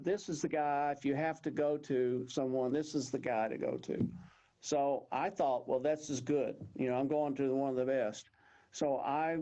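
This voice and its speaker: A man's voice: a little high, dark tone, highs cut off. Folksy Texan man telling a story. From Texas. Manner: folksy, rambling, acts out others' lines. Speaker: guest. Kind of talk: storytelling in an interview.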